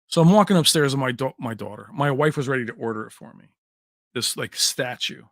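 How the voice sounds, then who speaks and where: A man's voice: mid-range voice, a little fast, no room sound, clean studio sound. A man hosting a tech livestream in a casual, chummy way, chatting with viewers and calling them baby. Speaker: tech channel host.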